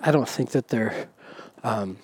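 A man's voice: medium pitch, unhurried. A man hosting a podcast, talking casually with many fillers as he walks village streets outdoors, recorded on a handheld recorder with faint traffic and wind behind him. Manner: rambling, many fillers, soft-spoken. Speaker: podcast host. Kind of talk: casual walking monologue.

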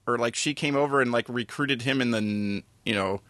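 TV podcast co-host, man, bright voice, dry close sound, rambling with restarts. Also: mid-range voice, no echo. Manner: halting, many fillers and restarts. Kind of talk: casual chat.

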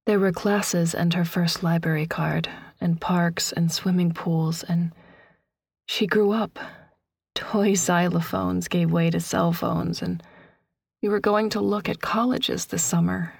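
A woman narrating a first-person story in a hushed, breathy, grieving voice that often drops to a whisper. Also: on the low side, fairly even intonation, takes it slowly, no room sound, clean studio sound.

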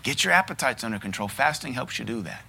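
A man's voice: mid-range voice, expressive, fast talker, gravelly, pushed and bright, husky. A middle-aged man with a Southern US accent, preaching a sermon in a blunt, emphatic way with lots of repetition. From American South. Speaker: pastor.

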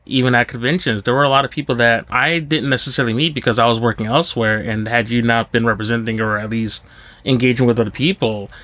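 A man's voice: mid-range voice, fairly even intonation, quick pace, fairly bright tone. A man hosting a podcast, chatting casually in an upbeat, joking way. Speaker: podcast host. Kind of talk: casual chat.

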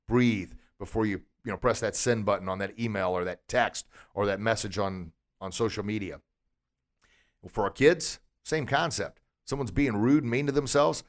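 A man hosting a podcast, giving an energetic motivational talk as a martial arts instructor and asking his listeners lots of rhetorical questions. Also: fairly low pitch.

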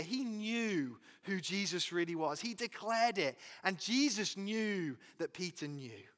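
Pastor preaching in a reverberant hall. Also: male voice, high voice. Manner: reads scripture aloud with pauses and personal asides. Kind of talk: sermon.

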